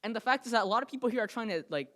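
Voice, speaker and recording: A young New Jersey man gives heated public comment to a council, fast and emphatic, with "right?" and "okay?" at the end of phrases. He has a very high, expressive voice with a slightly bright quality.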